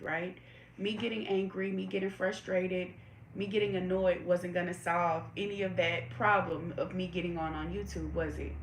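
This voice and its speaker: A woman's voice: lowish voice, creaky, a little hiss or hum. A woman hosting a live tarot stream, asking her viewers reflective questions and greeting them by name. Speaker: tarot reader hosting a livestream. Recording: roomy echo.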